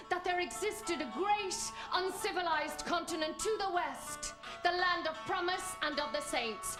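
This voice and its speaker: A high-voiced woman narrates with ironic, playful theatrical timing. Clear band music plays underneath her.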